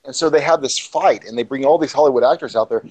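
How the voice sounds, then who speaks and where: A man's voice: medium pitch, fast, a little mellow, husky, poor audio. A man co-hosting a casual livestream podcast, telling a long anecdote full of fillers, restarts and swearing. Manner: rambling, profane anecdote-telling with many fillers. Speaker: podcast co-host. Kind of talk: casual storytelling chat.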